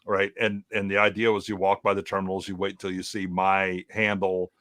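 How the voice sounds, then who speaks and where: A man's voice: sits low, monotone, normal speed, a bit bright, no room sound, studio quality. A man telling rambling, jokey stories in casual chat as a panelist on a live reaction stream. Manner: rambling storyteller, loose and jokey. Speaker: podcast panelist.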